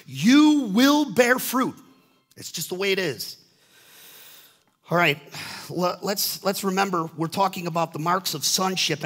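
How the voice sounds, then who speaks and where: A pastor in his fifties delivers a sermon with real fervor, often restarting and repeating himself. His voice is high and husky. He slips into the voices of the people in his stories as he preaches. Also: sharp tone. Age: 50s. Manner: impassioned, acts out voices in dialogue, repeats words.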